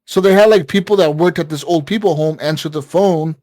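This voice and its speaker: A man's voice: on the high side, a little fast, a little mellow, no echo. A man casually telling a long story on a gaming podcast, rambling with lots of fillers and swearing. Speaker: podcast co-host.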